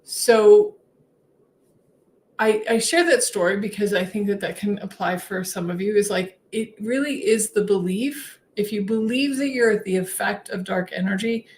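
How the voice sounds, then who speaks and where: A woman hosting a spiritual livestream, telling her story casually and animatedly with frequent laughs. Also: unhurried. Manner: chatty, laughs often between sentences; animated, swings her voice up high when acting out her own replies.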